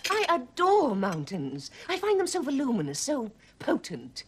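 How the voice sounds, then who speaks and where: A theatrical bohemian art teacher gushes in a fairly high voice that swoops widely up and down. She savours every grand word with dramatic flair. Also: wildly swooping pitch, moderate pace, noisy background. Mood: gushing. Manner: gushing, theatrical. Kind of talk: 1970s TV period drama acting.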